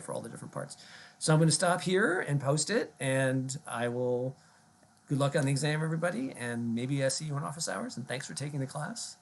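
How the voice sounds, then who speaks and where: A man's voice: mid-range voice, creaky. A man giving a recorded online lecture in a conversational way, with many ums and rhetorical questions.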